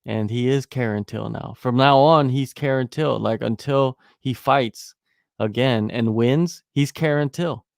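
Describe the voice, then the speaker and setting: A man co-hosting a podcast in casual chat, animated, riffing on jokes and repeating lines for emphasis. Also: mid-range voice, measured pace, vocal fry, no echo, clean studio sound. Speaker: podcast co-host.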